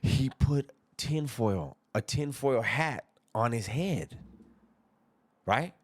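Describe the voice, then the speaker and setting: A man's voice: mid-range voice, animated, drawn-out words, breathy edge, dry recording. Laid-back slangy man. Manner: laid-back and slangy, chuckles at his own tale. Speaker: storyteller recounting prison life. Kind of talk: casual spoken storytelling.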